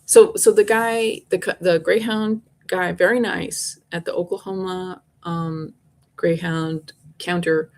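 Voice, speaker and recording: A woman talking casually to camera in a long rant. Her voice sits a bit low and has a gravelly fry. She rambles, trips over her words and sounds fed up. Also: fairly even intonation, slow, darkish tone. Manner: frustrated, rambling, with many restarts. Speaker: vlogger reviewing bus lines. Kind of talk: casual ranting monologue.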